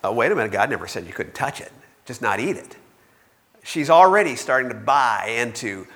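Animated preacher man in an echoey hall. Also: medium pitch, brisk. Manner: animated storytelling, acts out quoted voices. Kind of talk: sermon.

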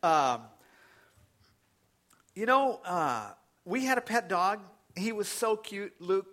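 Male preacher, bright and slightly high, animated storyteller who drops to a hushed prayer. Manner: animated storytelling, laughing, voice leaping up on quoted lines; quiet, slow and low when praying. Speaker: pastor.

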